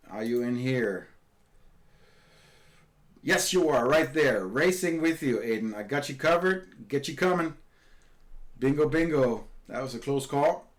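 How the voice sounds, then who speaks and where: A man giving live commentary on virtual sailing races, excitable and quick to exclaim, repeating his calls as the boats close in. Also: medium pitch.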